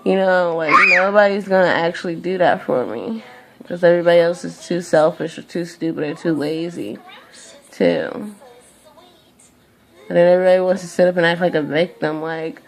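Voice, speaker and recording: A woman's voice: fairly low pitch, steady tone, normal speed, creaky, slight background noise. A tired young woman venting in a profane, exasperated rant to camera. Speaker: vlogger.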